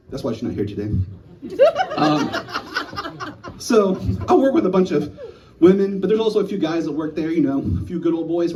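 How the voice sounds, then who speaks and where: A man in his thirties performs stand-up comedy, telling stories in a lively voice that swings widely in pitch and slips into the voices of the people in them. His voice sits high for a man. The mic picks him up from a distance in a small room. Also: slight background noise. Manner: animated storytelling, acting out voices. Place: small live venue.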